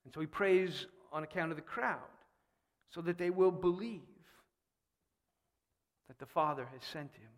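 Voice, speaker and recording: Brief: high-pitched male pastor, animated and questioning, with long church reverb. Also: measured pace, pauses often. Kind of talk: sermon. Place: church sanctuary.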